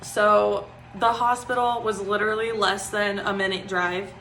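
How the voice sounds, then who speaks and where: A woman's voice: medium pitch, flat delivery, unhurried, fairly bright tone, a little hiss or hum. A woman in her twenties, telling a personal story in a chatty, casual way, full of "like" and "um". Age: 20s. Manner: chatty, frequent "like" and "um" fillers. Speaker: vlogger. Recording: roomy echo.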